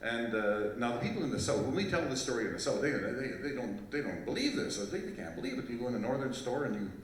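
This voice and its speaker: Heard from a distance in a very echoey festival hall, with faint crowd noise around him, a man speaks at medium pitch in a fast, sing-song way. He's a fiddler setting up a tune, spinning a joking, meandering story for the live audience with lots of fillers and restarts.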